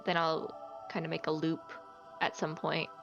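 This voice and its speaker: A woman's voice: low-pitched, completely flat delivery, normal speed, vocal fry, highs cut off, over music. A woman playing in a tabletop game, describing her character's actions hesitantly, thinking aloud. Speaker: player. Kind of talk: casual tabletop play.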